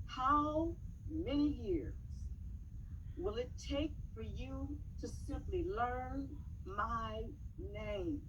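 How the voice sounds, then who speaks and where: A woman giving a dramatic poetry recitation at a public meeting, measured, with pointed pauses and rising emphasis. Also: on the high side, dull audio, noisy background.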